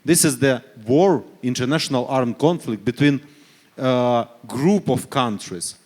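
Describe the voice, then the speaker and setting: A man from Ukraine, speaking on a forum panel in halting English, full of fillers and self-corrections, pressing his case with earnest rhetorical questions. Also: medium pitch, a little mellow. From Donetsk region, Ukraine. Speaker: panelist, human rights official. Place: conference panel stage.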